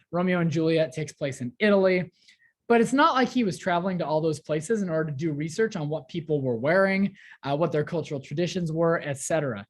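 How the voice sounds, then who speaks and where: A woman with a somewhat low voice lectures her class. She explains things step by step, dropping in small fillers as she goes. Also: a little mellow. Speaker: teacher.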